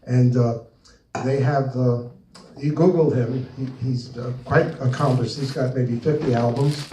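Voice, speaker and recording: A warm, mid-range male voice at a moderate pace, with slight background noise, comes from a New Jersey man presenting his book to a live audience in a meeting room. His informal spiritual talk meanders through stories in which he acts out the dialogue, and the distant mic picks up roomy echo.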